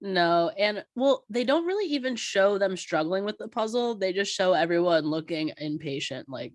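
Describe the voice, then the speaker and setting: A woman's voice: medium pitch, animated, moderate pace, few pauses, dry recording, clean studio sound. A young woman co-hosting a casual TV recap chat, swearing freely and laughing often. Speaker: podcast co-host.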